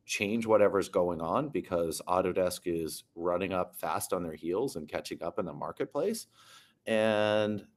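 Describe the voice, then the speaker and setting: Opinionated male co-host, low voice, blunt delivery. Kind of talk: casual panel chat.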